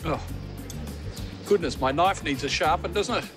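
Man, cooking show host, slightly high voice, casual and jokey, studio kitchen, music in background. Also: normal speed. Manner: chatty, jokey, talks to the crew while cooking.

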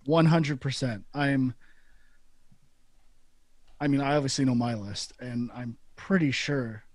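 A man's voice: medium pitch, slow pace, a little mellow, no echo. A man hosting a podcast, talking in a chatty, joking and blunt way. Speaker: podcast host. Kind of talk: casual chat.

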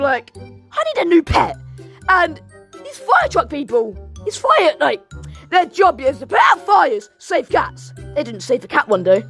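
A woman host giving goofy, shouty Let's Play commentary while playing a game. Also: sits high. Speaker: gaming channel host.

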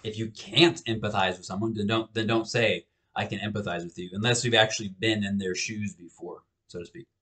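A man with a fairly low voice talks through a recorded college lecture. He explains patiently, often restarting his sentences and filling pauses as he goes. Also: fairly even intonation, pushed and bright. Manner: frequent fillers and restarts, explanatory.

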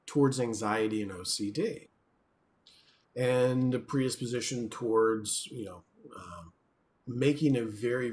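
A man lecturing to a class in an easygoing, conversational way. His voice sits at a middle pitch, and he keeps checking in with his listeners. He slips into little acted-out voices to illustrate his points. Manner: conversational, frequent "right?" checks, acts out quoted voices. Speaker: professor. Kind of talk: recorded university lecture.

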